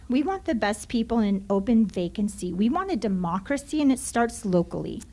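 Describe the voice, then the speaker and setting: A woman's voice: a little high, sing-song, brisk, warm tone. A woman, a teacher, giving an impassioned, frustrated public comment at a school board meeting into a podium microphone. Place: meeting chamber.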